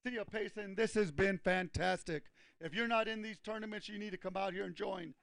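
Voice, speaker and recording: An overexcited angler gushes his thanks, talking fast in a high, gravelly voice. The sound is dry and close. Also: fairly bright tone, no room sound. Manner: gushing thanks. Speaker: tournament angler.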